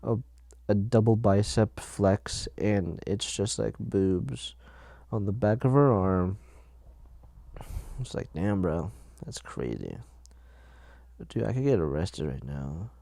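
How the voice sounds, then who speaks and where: Sleepy guy rambling on his own podcast, dark mellow voice, dry close mic. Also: fairly low pitch, animated, slow pace, vocal fry, pauses often, dry recording. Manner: rambling, jokey, self-mocking. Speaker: podcast host.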